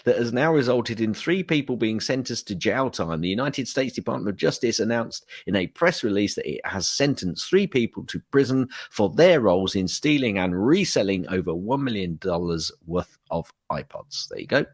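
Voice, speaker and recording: A man's voice: fairly low pitch, animated, normal speed, few pauses, husky, dry recording, studio quality. A man from the UK co-hosting a casual tech podcast, chatty and playful, often laughing at what he reads out. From United Kingdom. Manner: chatty and playful, laughs at his own reading. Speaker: podcast co-host.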